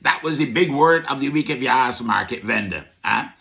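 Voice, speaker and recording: Gravelly, teasing Barbadian man on radio. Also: mid-range voice, lively intonation, moderate pace, pushed and bright. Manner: playful and teasing, with frequent "huh?" asides. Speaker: radio comedy segment presenter as a market vendor. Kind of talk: comedic radio word-history segment.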